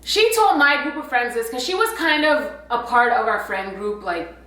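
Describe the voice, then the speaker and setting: A young woman telling a story in a casual, animated way, full of slang and swearing. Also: a little high, normal speed. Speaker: vlogger. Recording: echoey room, a bit far from the mic.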